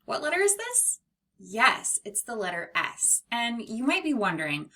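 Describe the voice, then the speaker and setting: A woman teaching a children's phonics lesson, sounding out letters slowly and with exaggerated care. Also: a little high, wildly swooping pitch, pushed and bright.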